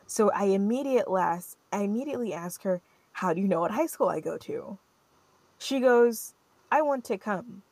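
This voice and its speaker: A young adult woman hosting a podcast, telling a story in an animated, rambling way full of fillers. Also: mid-range voice, normal speed, no echo. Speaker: podcast host. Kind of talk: casual storytelling chat.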